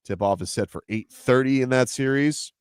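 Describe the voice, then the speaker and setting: A man's voice: medium pitch, normal speed, clear, resonant tone, no room sound. A man hosting a sports radio show, reading sponsored headlines and joking loosely with his co-hosts in the studio. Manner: reads sponsor headlines, then jokes around loosely. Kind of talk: casual sports radio banter. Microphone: studio microphone.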